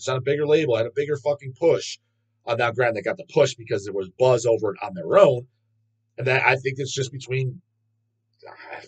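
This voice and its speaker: Husky, profane man ranting. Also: medium pitch, poor audio. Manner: blunt, profane, opinionated. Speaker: metal channel host. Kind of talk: casual rant to camera.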